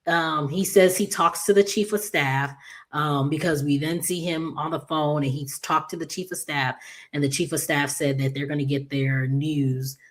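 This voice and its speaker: A woman casually recapping a soap opera episode in a chatty, animated way, with lots of fillers. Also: low-pitched, moderate pace.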